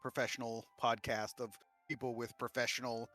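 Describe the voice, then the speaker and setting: A man's voice: medium pitch, level tone, bright, forceful tone, soft background music. A man running a tabletop game as game master, talking bluntly and casually with his players over a voice call. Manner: casual, blunt, quick bursts. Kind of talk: casual chat between game sessions.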